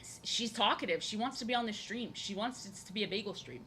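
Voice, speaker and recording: A young woman with a fast, fairly bright voice chats casually while drawing on a live stream, with slight background noise. She's an art streamer who rambles chattily and talks to her cat in a high sing-song.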